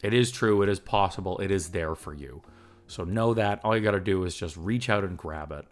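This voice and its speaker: A man's voice: deep voice, brisk. A man hosting a solo recovery podcast, talking earnestly and with emotion in an upbeat, chatty way, with laughs and fillers. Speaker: recovery coach and podcast host.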